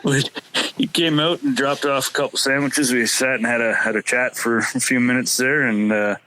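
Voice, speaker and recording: A man telling a long hunting story on a casual podcast. He talks in a halting way and often repeats and restarts his words. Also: medium pitch, steady tone, pushed and bright, low-quality recording.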